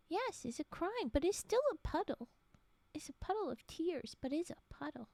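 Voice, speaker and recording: A woman chatting on her live stream between stories, rambling and giggly, often slipping into soft whispers. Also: extremely high pitch, sing-song, normal speed. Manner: giggly, gushing. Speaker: streamer and story reader. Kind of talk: casual live-stream chat.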